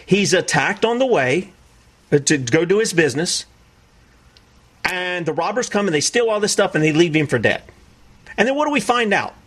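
A high-sitting voice at normal speed, pausing often, belongs to a man preaching commentary on clips. He reacts with animated incredulity and regularly acts out others' voices.

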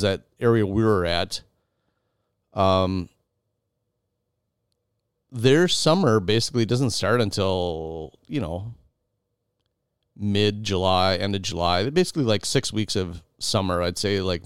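A man's voice: deep voice, lively intonation, a little slow, clean tone, no echo, studio quality. A man hosting, animatedly retelling a dramatic story to his wife with many restarts. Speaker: podcast host.

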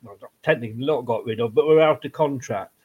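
A man's voice: medium pitch, quick pace, slightly rough. A man co-hosting a football podcast, talking bluntly and swearing, with rambling asides. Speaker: podcast co-host. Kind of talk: casual football chat. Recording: dull lo-fi sound.

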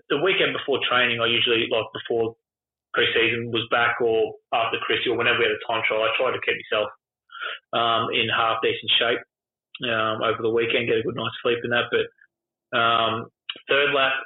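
A middle-aged Australian man rambles through sweary footy stories in an easy podcast chat, slipping into quick imitations of teammates and coaches. His mid-range voice comes through thin and phone-like, with a noticeable echo of the room around him. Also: medium pitch, fairly even intonation. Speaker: former footballer guest. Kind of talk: casual podcast storytelling.

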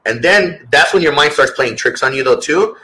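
A man's voice: fairly high pitch, expressive, normal speed, sharp tone, low-quality recording. A man talking as a guest author in a casual interview, earnest and rambling, with many restarts.

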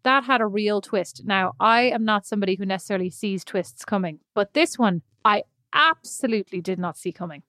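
A woman's voice: mid-range voice, a little fast, hardly any pauses, sharp tone, dry recording, clean studio sound. A woman in her forties co-hosting a casual podcast, telling stories in a chatty, self-mocking way. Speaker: podcast co-host. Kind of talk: casual chat.

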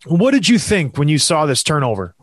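Another heated stretch from the hockey podcast host, exasperated and sighing often as he rants about sports. Here his pitch runs fairly high with big swings, his pace is fairly quick, and there's no echo.

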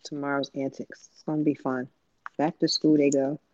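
A parent hosting a podcast, telling animated, slangy stories about the kids and acting out the family's lines. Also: mid-range voice, moderate pace, dull audio. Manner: animated, laughing, slangy, acts out family dialogue. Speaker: podcast host. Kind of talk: casual storytelling chat.

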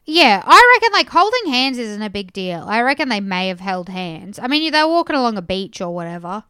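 A woman, co-hosting a podcast in relaxed casual chat, often saying "I reckon" and "like". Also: medium pitch, fairly quick, smooth, no echo, clean studio sound. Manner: relaxed, uses "I reckon" and "like" a lot. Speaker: podcast co-host.

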